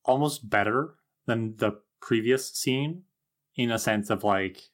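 A man's voice: mid-range voice, slow pace. Enthusiastic man podcast co-host. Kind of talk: casual chat.

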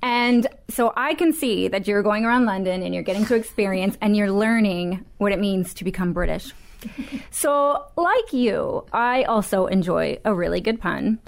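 A woman's voice: medium pitch, animated, moderate pace, vocal fry. A woman hosting a lighthearted interview, bubbly and enthusiastic, keen on puns. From United States. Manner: bubbly, enthusiastic, pun-loving. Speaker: interviewer host.

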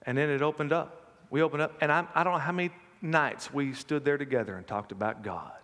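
Folksy preacher. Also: male voice, on the high side, brisk, fairly bright tone, big-room sound. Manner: folksy storytelling with laughs and acted quotes. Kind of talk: sermon with personal stories.

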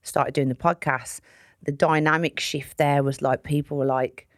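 A woman's voice: low-pitched, fairly even intonation, normal speed, no room sound, studio quality. A woman comedian chatting as an interview guest, blunt and sweary with a self-mocking edge. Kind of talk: casual chat.

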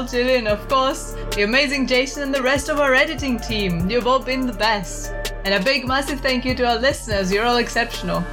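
A woman with a mid-range voice reads a scripted podcast outro in an upbeat way, thanking her listeners. Faint music plays under her. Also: medium pitch. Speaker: podcast host.

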